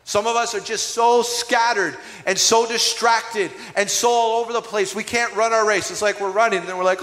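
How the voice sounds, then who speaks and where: A man's voice: extremely high pitch, fairly quick, few pauses, fairly bright tone. A man preaching a sermon as pastor, emphatic and calling out to his congregation. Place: church hall. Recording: echoey hall with music behind.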